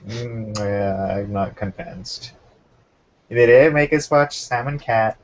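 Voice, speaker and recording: A young man hosting a casual chat, relaxed and talkative, keeping an eye on the time. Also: fairly low pitch, slow. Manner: relaxed, chatty, keeps time. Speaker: podcast host. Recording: muffled lo-fi recording.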